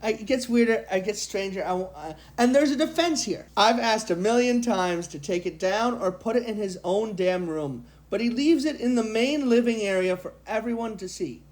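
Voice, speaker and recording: A man's voice: high voice, lively intonation, moderate pace, hardly any pauses. A man co-hosting a podcast who reads a story aloud and jokes between lines. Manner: playful, laughs between lines. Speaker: podcast co-host. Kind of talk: reading stories aloud and chatting.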